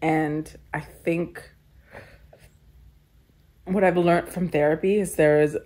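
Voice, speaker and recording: A woman's voice: deep voice, a little mellow. A woman telling a candid personal story in an interview, earnest and reflective, with many filler "likes". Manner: tearful laughing when moved.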